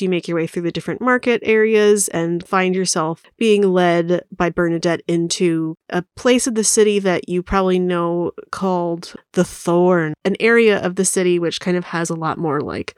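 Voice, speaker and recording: A woman's voice: fairly low pitch, normal speed, clean tone, no echo, studio quality. A woman narrating a tabletop game as game master, rambling with many fillers.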